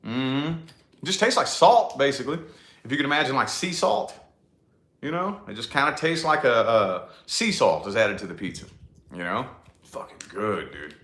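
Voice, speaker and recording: Guy rambling and cussing, swoopy animated voice, echoey room. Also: medium pitch. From New Albany, Indiana, USA. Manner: rambling and profane, drawn-out words. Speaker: vlogger chatting to a live audience. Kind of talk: casual live chat.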